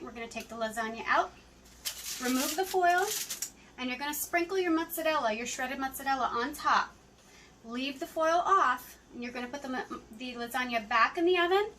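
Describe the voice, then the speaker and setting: High-voiced woman chatting through a recipe. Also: fairly bright tone, distant mic, a little hiss or hum, rough recording. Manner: chatty, talks viewers through each step. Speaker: home cooking host. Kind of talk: casual cooking demonstration. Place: home kitchen.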